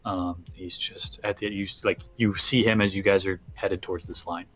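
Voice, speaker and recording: A man's voice: sits low, fairly even intonation, normal speed, a bit bright. A man running a tabletop game as dungeon master, describing scenes with many fillers.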